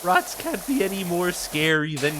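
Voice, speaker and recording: Streamer doing a chirpy starving urchin boy, lively pitch, hissy audio. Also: normal speed, natural voice. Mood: eager. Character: starving poor Victorian boy, cheerful and naive.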